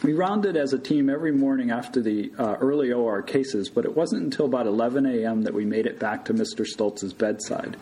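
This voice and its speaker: A man, a surgical resident, telling a true story live to an audience in an unhurried manner. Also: medium pitch, lively intonation, mellow, low-quality recording.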